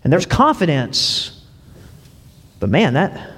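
A man's voice: fairly high pitch, huge pitch swings, takes it slowly, fairly bright tone, husky. A male pastor preaching a sermon in a conversational way, dropping in "you know" and "right?" and repeating words as he restarts. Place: church. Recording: long reverb of a church hall.

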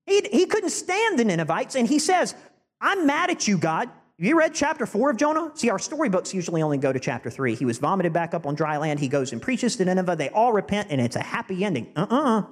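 A male preacher delivering a sermon, animated and emphatic, building to forceful peaks. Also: sits high, quick pace, few pauses. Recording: long church-hall reverb.

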